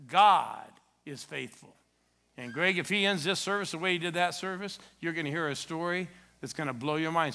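A middle-aged male pastor preaches a sermon in a church sanctuary. His voice sits a little high and sounds bright and forceful, with a gravelly edge. He tells stories and jokes with the congregation as he goes. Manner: storytelling, animated, joking with the congregation.

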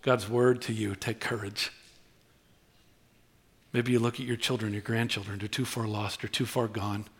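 A man preaching a sermon, swinging from low, intimate tones to high, excited outbursts. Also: brisk, hardly any pauses, breathy edge. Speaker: pastor.

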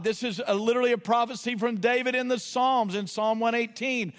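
A man preaching a sermon with passion, rising to shouted cries and then dropping to quiet asides. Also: very high voice, brisk, hardly any pauses, long reverb tail. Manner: impassioned, builds to shouted cries, self-correcting asides. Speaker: pastor.

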